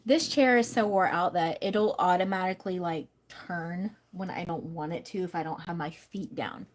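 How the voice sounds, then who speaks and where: A woman's voice: on the low side, moderate pace. A woman from the United States, a manifestation coach chatting casually on a livestream and answering viewers' comments.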